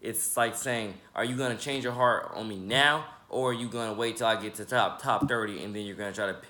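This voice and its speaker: A man's voice: on the low side, brisk, background noise. A man in his twenties talking casually to his viewers, rambling, with many fillers, stumbles and repeated words. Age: 20s. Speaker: independent rapper and YouTuber. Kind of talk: casual vlog talk to the camera.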